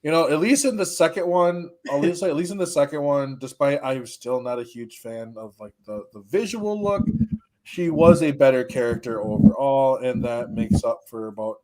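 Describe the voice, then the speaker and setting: A man co-hosting a casual video chat, joking and animated, often acting out quotes. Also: mid-range voice, normal speed. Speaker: co-host of a ranking video.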